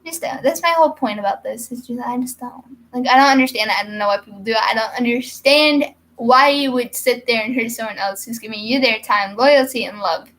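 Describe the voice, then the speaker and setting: A woman's voice: on the high side, brisk, hardly any pauses, a bit bright. A young woman talking casually to camera in a rambling, hyper vlog monologue with giggly asides. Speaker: vlogger.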